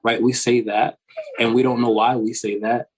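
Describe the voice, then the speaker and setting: A man's voice: mid-range voice, level tone, normal speed, poor audio. A man in his thirties, a financial coach, answering interview questions in a reflective, conversational way and often checking in with "right?".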